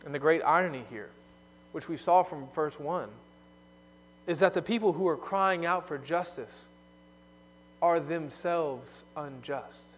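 A man's voice: a little high, measured pace, long pauses, slight background noise. Preaching man in a reverberant hall. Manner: explanatory preaching, shifting from loud emphasis to hushed asides. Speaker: pastor. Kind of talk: sermon.

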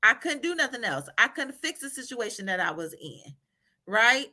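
A woman giving an informal devotional talk, animated, often laughing and asking "right?" as she encourages listeners. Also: a little high, normal speed. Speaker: faith encourager.

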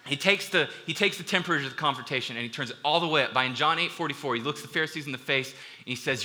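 A man's voice: fairly high pitch, fast, hardly any pauses, sharp tone. A man preaching a sermon to his congregation, earnest and building to emphatic passages, with conversational asides to the room. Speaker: pastor. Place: church hall with a congregation.

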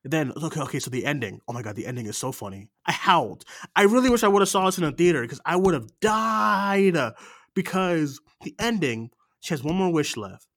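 A man co-hosting a film podcast in casual chat, animated and swearing, acting out movie lines between bursts of laughter. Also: fairly high pitch, brisk, no echo, studio quality. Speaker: podcast co-host.

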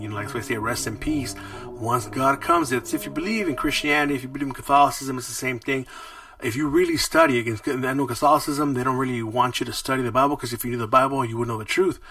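A man hosting a podcast, telling stories in casual, profane street slang. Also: mid-range voice. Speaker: podcast host. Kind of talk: casual storytelling. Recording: distant mic with loud music behind.

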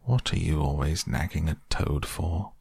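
A man doing a gruff, bossy old badger. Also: rumbling low, expressive, normal speed, a little mellow, no room sound, clean studio sound, full character voice. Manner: blunt, peevish, commanding.

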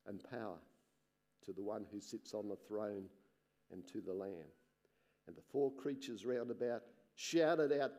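A man preaches, reading scripture slowly and earnestly, his voice dropping soft and low at the ends of phrases. Between readings he makes musing, excited asides.

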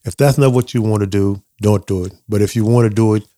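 As a guest on his child's podcast, a dentist father reminisces about family in an interview, voicing the remembered lines of the people involved. His low, mellow voice moves fast with fairly even intonation, captured with clean studio sound and no echo.

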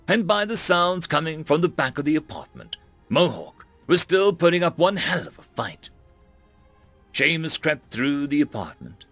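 A man narrating an audiobook with a dramatic, expressive reading. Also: medium pitch, gravelly, no echo.

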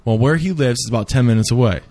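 A man telling a rambling story in casual chat, animated and full of swearing, acting out what people said. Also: mid-range voice, fast, dry recording. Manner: animated, swears a lot, acts out quotes.

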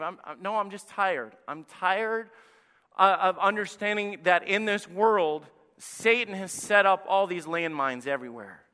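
A pastor preaching a sermon with passion, moving between loud emphatic lines and hushed asides. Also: male voice, high voice, unhurried, clear, resonant tone, long reverb tail.

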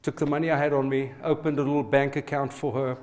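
Brief: middle-aged pastor, male, mid-pitched, storytelling sermon that keeps checking in with the congregation. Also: little pitch movement, fast talker, darkish tone. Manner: personal storytelling, asks the audience to respond.

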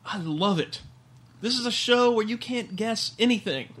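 A man's voice: high voice, animated, normal speed, fairly bright tone. A man co-hosting a casual podcast, joking and rambling, snacking on air. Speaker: podcast co-host. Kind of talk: casual chat.

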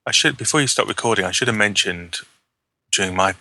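A man's voice: fairly low pitch, fairly quick, vocal fry, pushed and bright, no room sound. A man hosting a casual gaming podcast, rambling and correcting himself with a wry tone. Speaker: podcast host.

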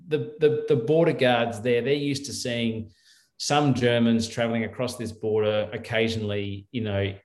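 A man's voice: medium pitch, a little mellow, roomy sound. A middle-aged man, a guest doctor, telling stories in a rambling, restarting way in a casual interview. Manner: rambling, with many restarts and fillers.

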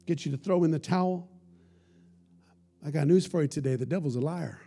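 Pastor guy preaching, kinda high mellow voice, gets loud then goes real quiet. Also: a little fast, vocal fry, slightly rough. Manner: swings between loud pleading and hushed soft phrases. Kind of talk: sermon with altar call.

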